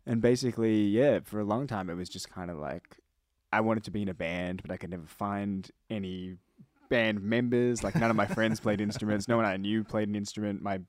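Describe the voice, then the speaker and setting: A man's voice: lowish voice, a little fast, no echo. A young Australian man, a musician guest in a studio, chatting casually with plenty of "like" and "you know". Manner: relaxed, many fillers like "like" and "you know". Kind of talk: casual interview chat. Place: recording studio.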